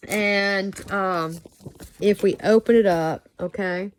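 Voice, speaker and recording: A woman in a casual show-and-tell, thinking aloud with many fillers and reading passages aloud, sometimes spelling words letter by letter. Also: mid-range voice. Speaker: book reviewer.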